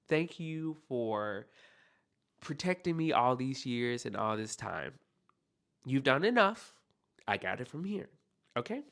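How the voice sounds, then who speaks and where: Male podcast host, heartfelt encouraging monologue, very animated pitch. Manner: earnest, encouraging, speaks straight to the listener.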